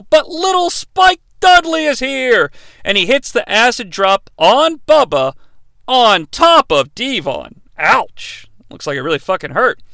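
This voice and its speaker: A man's voice: high-pitched, gravelly, sharp tone, clear, resonant tone, no echo. A man hosting a podcast, recapping in a casual, sarcastic, joking way with swearing asides. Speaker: podcast host. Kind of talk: casual wrestling recap narration.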